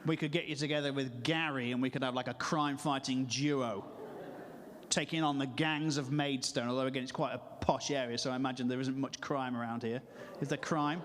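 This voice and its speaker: A man's voice: mid-range voice, steady tone, brisk, fairly bright tone. A male comedian doing live stand-up and chatting and teasing the audience. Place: church hall, live show. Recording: long hall reverb.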